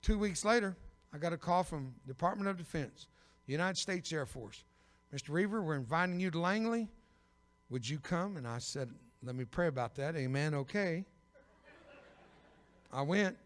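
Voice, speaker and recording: A man's voice: a little high, animated, moderate pace. Older man preaching in a reverberant church. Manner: storytelling with bursts of loud emphasis and dry humor. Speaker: evangelist. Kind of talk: preaching a testimony sermon. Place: church sanctuary. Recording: long reverb of a big church.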